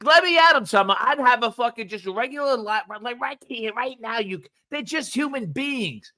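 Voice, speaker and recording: A man ranting loudly and swearing as a guest on a casual live stream. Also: very high voice, normal speed. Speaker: guest, host's husband.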